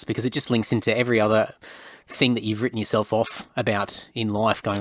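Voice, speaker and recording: A fairly low-voiced man hosts a podcast, musing reflectively and rambling a little, his sentences full of "sort of" fillers. The recording is very dry and close, with no room sound. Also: level tone, fairly quick, dry recording. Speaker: podcast host. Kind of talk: conversational podcast interview.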